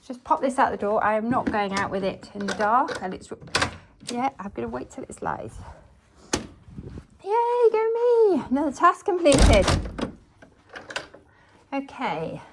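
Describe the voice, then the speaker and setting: A woman's voice: mid-range voice, normal speed. A woman chatting casually as a cleaning vlogger, thinking aloud and cheering herself on as she works in her kitchen. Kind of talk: casual chat while cleaning along in real time. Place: home kitchen. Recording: clattering household noise behind.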